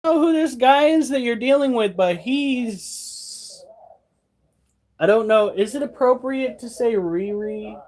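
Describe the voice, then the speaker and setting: Male vlogger, raised pitch, profane and exasperated casual rant. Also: expressive, unhurried, darkish tone. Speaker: pet keeper vlogger. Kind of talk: casual ranting chat.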